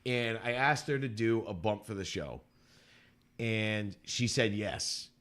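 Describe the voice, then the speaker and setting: A man's voice: lowish voice, takes it slowly, fairly bright tone, clean tone. A man co-hosting a podcast, telling a story in casual chat, laughing often and acting out quotes in a raised voice. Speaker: podcast co-host.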